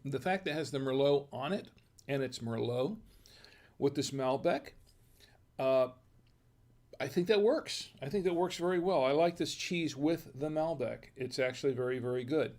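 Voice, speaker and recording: A man hosting a home wine and cheese tasting, talking casually and thinking aloud with restarts and quiet asides. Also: medium pitch, normal speed. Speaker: host of a wine tasting show.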